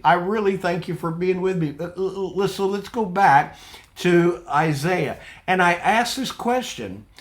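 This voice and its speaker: A man with a fairly high voice preaches an earnest sermon to viewers watching online. He comes back to his points and asks rhetorical questions as he builds his message.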